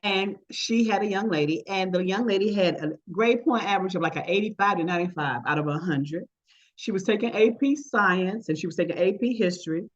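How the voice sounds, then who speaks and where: Older woman, workshop presenter, storytelling manner, mid-pitched, slightly dull call audio. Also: fairly quick. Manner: storytelling, acts out quoted voices. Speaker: workshop presenter, retired math teacher. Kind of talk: online workshop presentation with anecdotes. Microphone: video call.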